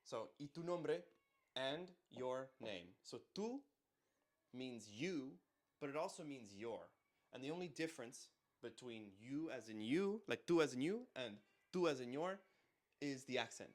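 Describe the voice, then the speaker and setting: A man walks through grammar in a relaxed, chatty teaching voice. He sits at a middle pitch and keeps coming back to repeat short example phrases aloud. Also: a little slow. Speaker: Spanish teacher. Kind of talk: casual explanatory lesson.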